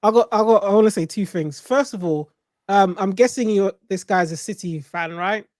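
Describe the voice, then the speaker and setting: A man's voice: sits high, normal speed, darkish tone. A man on a football fan talk show, eagerly cutting in to ask questions in casual chat. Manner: eager, cutting in to get a word in.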